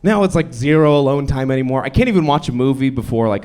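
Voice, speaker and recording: A young man performing a stand-up set on a comedy club stage, with a deadpan, self-deprecating delivery. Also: medium pitch, fast talker, clear, resonant tone. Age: young adult.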